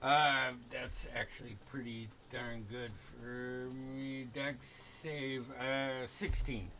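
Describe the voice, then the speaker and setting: A man playing a tabletop game, unhurried and asking questions as he goes. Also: medium pitch, flat delivery, pushed and bright, slight background noise. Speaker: player. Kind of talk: casual tabletop game play.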